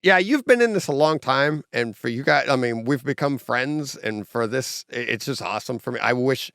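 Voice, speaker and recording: A man's voice: mid-range voice, animated, moderate pace, creaky, fairly bright tone, clean tone, no room sound, studio quality. A man hosting a podcast in casual chat, enthusiastic, laughing often and acting out quotes. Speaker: podcast host.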